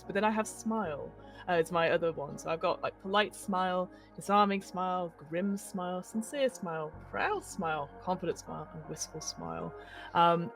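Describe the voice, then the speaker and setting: A woman hosting a livestreamed tabletop role-playing game as its facilitator, talking in a rambling way full of ums and self-corrections. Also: fairly low pitch. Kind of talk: casual chat running a tabletop game.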